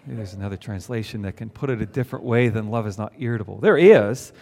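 A man's voice: on the low side, quick pace, creaky, darkish tone. A man preaching a sermon to a congregation, conversational, with rhetorical questions. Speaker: pastor. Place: church before a congregation.

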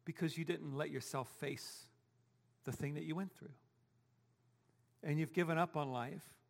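A pastor preaches in a church sanctuary, his slightly high voice carrying through a large hall. He talks to the congregation conversationally and throws them rhetorical questions.

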